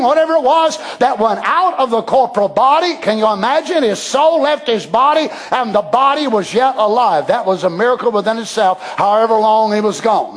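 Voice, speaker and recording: A man preaching a sermon with passion, dropping to a hush and then rising to shouts. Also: very high voice. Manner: impassioned, swinging between hushed and shouted.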